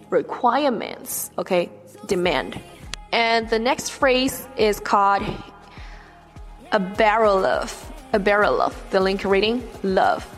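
A woman teaching English vocabulary, repeating each word and checking in with "okay?" as she explains pronunciation. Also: medium pitch. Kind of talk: vocabulary lesson. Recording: long reverb, faint background music.

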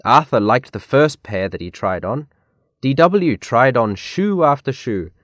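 A man reading a children's picture book aloud as narrator, slow and deliberate. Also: mid-range voice, big pitch swings, a bit bright, no room sound, studio quality.

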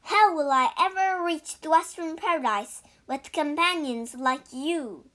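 A woman's voice: high-pitched, measured pace, a bit bright, pitched above the performer's own voice. A woman voicing a stern male monk who scolds his companions, in a storybook reading. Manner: scolding, earnest.

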